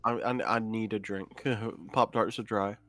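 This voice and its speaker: A man co-commentating a live game, making relaxed, dry remarks. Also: on the low side, unhurried. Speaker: esports co-commentator.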